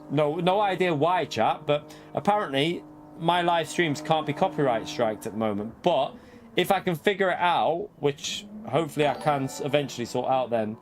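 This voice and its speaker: Excitable British man with a high voice. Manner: excitable, laughs often, swears when shocked. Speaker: gaming live streamer. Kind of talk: casual live-stream chat to viewers.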